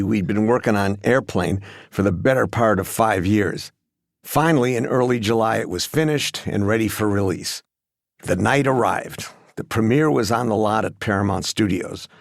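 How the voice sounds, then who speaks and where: Gravelly low-voiced man, wry. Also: normal speed, dry recording, clean studio sound. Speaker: filmmaker. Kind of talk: oral-history audiobook narration.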